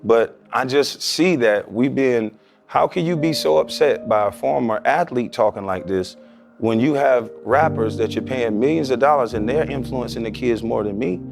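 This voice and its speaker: A former basketball player speaks as a podcast guest with a gravelly, creaky voice. He argues his point bluntly and with emphasis. Faint music plays underneath. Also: medium pitch, moderate pace. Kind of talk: podcast interview.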